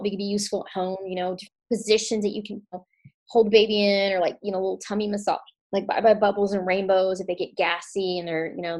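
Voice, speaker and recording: A woman, a chiropractor guest on a podcast, talking casually with lots of fillers and restarts. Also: mid-range voice. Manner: warm, chatty, many restarts and fillers.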